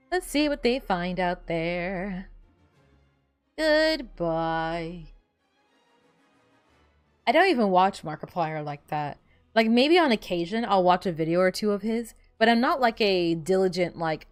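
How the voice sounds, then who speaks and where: A woman's voice: fairly low pitch, lively intonation, measured pace, long pauses, clean tone, no echo, soft background music. A woman streamer chatting casually while playing a game, telling stories in a rambling way full of fillers. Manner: rambling, filler-heavy storytelling. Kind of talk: casual gameplay chat.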